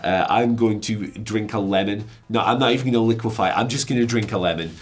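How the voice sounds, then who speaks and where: A man with a very low, hoarse voice, croaking through his flu as he hosts a wrestling news show. He talks casually and pokes fun at himself, with plenty of ums and uhs. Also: brisk. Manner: chatty, self-mocking, lots of fillers.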